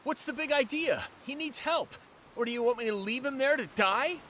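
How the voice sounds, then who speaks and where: Confrontational young townsman, bright, high, animated, game dialogue. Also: normal speed, slight background noise. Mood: agitated. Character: hostile, excitable young male townsman. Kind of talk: video game voice acting.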